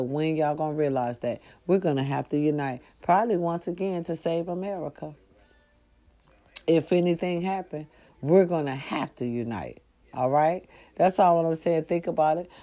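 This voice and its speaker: A woman vlogger speaks directly to her followers in a casual, preachy monologue full of profanity. Her delivery swings between low murmurs and loud outbursts.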